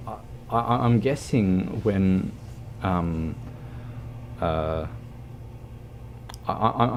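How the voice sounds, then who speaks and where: An Australian man chatting casually with viewers while streaming a game, halting and full of ums and restarts. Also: sits low, a little mellow, a little hiss or hum. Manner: hesitant, many ums and restarts. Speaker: livestreamer. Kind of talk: casual chat while gaming.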